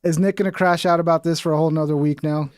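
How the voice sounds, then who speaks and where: A man's voice: a little high, fairly even intonation, rapid-fire, darkish tone, clear, resonant tone, dry recording, studio quality. A man hosting a casual political reaction stream, blunt, profane and sarcastic. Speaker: streamer host.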